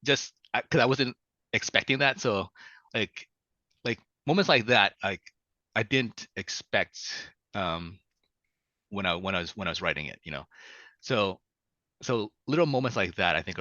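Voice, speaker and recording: A man's voice: sits low, bright, forceful tone, no room sound. A man, a children's book author, telling stories in a casual interview, stumbling over restarts and fillers. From Vietnam. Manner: halting, many restarts and fillers, laughs easily. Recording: dull lo-fi sound.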